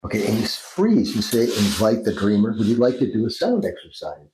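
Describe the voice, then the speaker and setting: Low-voiced man, reflective, in a roomy space. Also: very animated, mellow. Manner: thoughtful, explains slowly, acts out phrases in different tones. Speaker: guest, Jungian dream therapist. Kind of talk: reflective interview talk. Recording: roomy echo.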